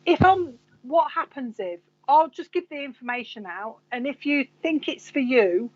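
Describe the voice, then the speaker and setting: A fairly high-voiced woman with a Coventry accent chats and rambles her way through a live psychic reading, often talking half to herself. The sound is dull and lo-fi, as from a home livestream. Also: expressive, moderate pace. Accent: Coventry English. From Coventry, England. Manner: chatty, rambling, talks to herself. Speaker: psychic medium host. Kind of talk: live-streamed reading and chat.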